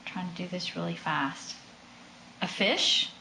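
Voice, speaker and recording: A woman's voice: lowish voice, measured pace, vocal fry, pushed and bright, echoey room, a little hiss or hum, low-quality recording. Patient mother coaxing a toddler. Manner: patient, coaxing, sing-song prompts. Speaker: mother coaching her toddler. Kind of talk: home video, coaxing a small child.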